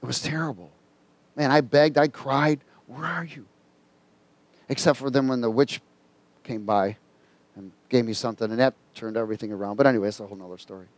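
A man preaching a sermon, telling a personal story in a folksy, colloquial way and reading scripture slowly and emphatically. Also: mid-range voice, steady tone, no room sound.

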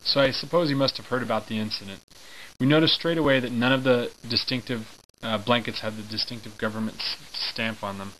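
A man casually reading aloud from a wartime memoir, halting and correcting himself, with chatty asides. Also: mid-range voice, fairly bright tone, slight background noise, poor audio. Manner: informal, halting, with fillers and self-corrections. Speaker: reader of a memoir.

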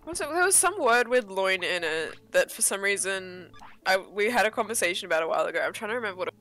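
A woman trading playful, teasing banter with her co-host on a game stream. She drops short slang quips between longer chatty remarks. Her voice sits at an ordinary middle pitch. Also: expressive, quick pace, sharp tone, soft background music.

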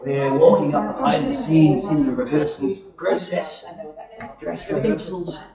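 A man's voice: a little high, measured pace, gravelly, over a noisy crowd, rough recording. A man hosting a playful backstage webisode, chatting and teasing cast members before a show. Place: theatre backstage and dressing rooms.

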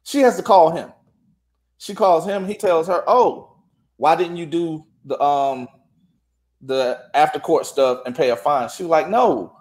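A man appearing as a guest tells a courthouse story in casual chat, animatedly acting out the quoted dialogue. His voice is a little high and he speaks a little slowly.

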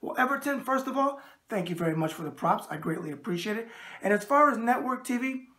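A man's voice: very high-pitched, expressive, fast talker, fairly bright tone. A man with a New York accent hosting a casual video mailbag show, chatty and jokey. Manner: jokey, chatty, repeats a catchphrase. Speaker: host.

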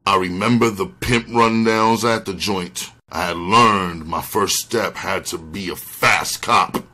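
A man reading a first-person memoir aloud, slow and deliberate. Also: deep voice, bright, forceful tone. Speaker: audiobook reader.

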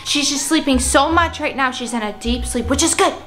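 A young woman vlogger play-acting a birthday party with plush toys, gushing and excitable, full of gasps and "like". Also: high-pitched, fairly quick, echoey room, soft background music. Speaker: vlogger staging a toy pet party.

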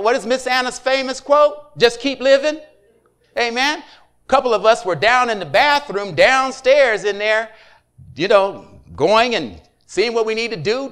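A man's voice: extremely high pitch, fairly bright tone, clean tone. A middle-aged man, a pastor, preaching a conversational sermon with frequent asides to the congregation.

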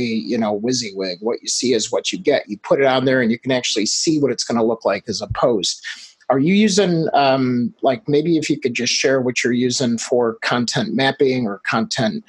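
A man hosting a marketing webcast, asking questions with hesitant fillers and quick affirmations. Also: mid-range voice, slightly rough, no room sound, poor audio. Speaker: webcast host. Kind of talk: casual webcast interview.

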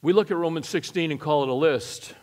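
A middle-aged man giving a storytelling sermon as guest preacher, folksy and animated, his voice jumping up for punch lines. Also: a little high, fairly quick. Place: church sanctuary. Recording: long church reverb.

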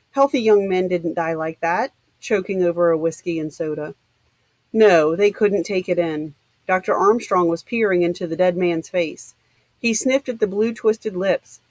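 A woman reading a novel aloud in an even, measured narration. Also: fairly low pitch, no room sound, poor audio. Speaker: audiobook reader.

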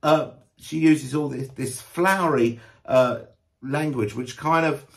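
A man's voice: mid-range voice, slow pace, vocal fry. A man giving a casual, rambling spoken album review, blunt in his opinions and full of hesitations and restarts. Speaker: music reviewer.

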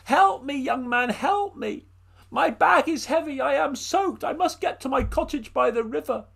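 A man's voice: very high-pitched, animated, moderate pace, gravelly, fairly bright tone, voice pushed up, heavily acted. A man voicing a drenched, frail old woman who begs for help in a told story. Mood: pleading.

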